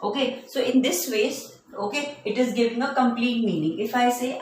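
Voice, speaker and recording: A woman teacher, explaining grammar to children slowly and deliberately, stretching out her example words. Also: fairly high pitch, a little mellow. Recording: very echoey room, faint hum.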